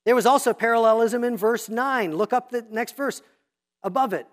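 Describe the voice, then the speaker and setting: Pastor, expository sermon, reads scripture with slow weight, teacherly asides on repetition. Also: medium pitch. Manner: reads scripture slowly and deliberately, then explains; teacherly, points out repeated themes.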